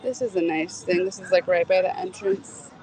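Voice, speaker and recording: A woman's voice: lowish voice, steady tone, moderate pace, a little mellow, low-quality recording. A woman chatting to viewers on a casual live stream while walking a city street at night, rambling and laughing easily, with the phone held close to her face. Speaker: livestreamer.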